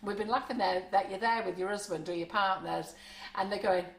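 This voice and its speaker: A woman's voice: medium pitch, fairly quick, gravelly, reverberant. A woman hosting a live cake decorating demo, chatty and frank, laughing often. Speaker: baking show host. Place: home kitchen studio.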